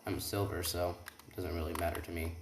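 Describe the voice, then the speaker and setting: A man's voice: low-pitched, flat delivery, fast, echoey room, noisy background, voice pushed down. A young man voicing a blunt, offhand young female adventurer in an improvised story. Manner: offhand, matter-of-fact.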